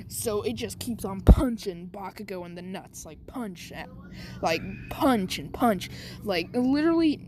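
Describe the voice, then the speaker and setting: A woman's voice: medium pitch, a little mellow, slight background noise. A woman casually telling a made-up fan story, rambling with many fillers. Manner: rambling, lots of "like" and "um".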